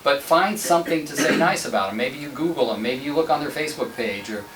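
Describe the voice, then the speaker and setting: A man's voice: fairly high pitch, animated, fast talker, a bit bright, soft background music. A man who leads a real estate team, giving a casual sales training talk and telling anecdotes with quoted dialogue. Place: office meeting room, filmed. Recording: roomy sound from a distant mic, faint noise.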